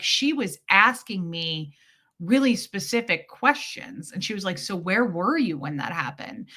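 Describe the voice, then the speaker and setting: A woman's voice: mid-range voice, sharp tone. A woman in her forties hosting a casual chat with viewers, telling a personal story with candid, emotional swearing. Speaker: livestream host.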